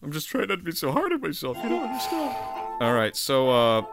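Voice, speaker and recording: A man co-hosting a podcast in casual chat, reacting quickly, laughing often and swearing freely. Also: on the high side, wildly swooping pitch, creaky, over music. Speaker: podcast co-host.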